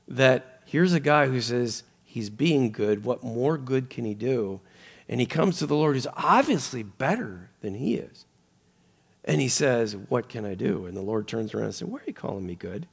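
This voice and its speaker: A man's voice: medium pitch, animated, normal speed, vocal fry, breathy edge. A man preaching a sermon, reading scripture and explaining it with earnest emphasis that rises and falls. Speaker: pastor.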